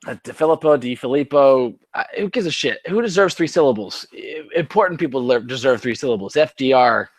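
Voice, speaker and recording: A man's voice: mid-range voice, expressive, a little fast, hardly any pauses. A man co-hosting a casual sports podcast, rambling and swearing with many restarts, a bit tipsy from drinking. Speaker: podcast co-host.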